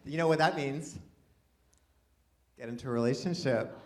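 A man with a fairly high voice doing a stand-up set, talking in a chatty, self-deprecating way and tripping over his own restarts before bursting into excited exclamations. The crowd laughs around him, and the live room recording carries a clear layer of noise. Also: normal speed, long pauses. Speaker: stand-up comedian. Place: live comedy venue with an audience. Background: audience laughter.

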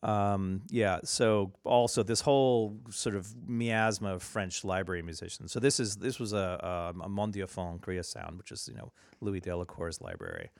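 A man with a lowish, gravelly voice rambles enthusiastically through a casual radio chat, full of fillers and asides. The sound is dry and close, with almost no room tone. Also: expressive, moderate pace, hardly any pauses, no echo. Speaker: radio show co-host, record label owner.

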